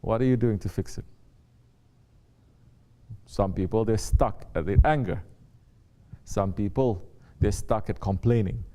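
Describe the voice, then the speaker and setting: A man with a mellow voice on the low side speaks a little slowly, leaving long pauses. He is a Sufi teacher delivering a spiritual talk to his students, repeating his points and often checking in with the room via short rhetorical questions.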